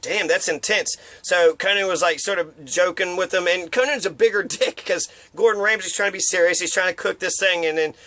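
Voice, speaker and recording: A man's voice: high-pitched, fairly bright tone. A man giving a rambling, profane monologue of opinions, now and then acting out quotes in mocking voices. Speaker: commentator.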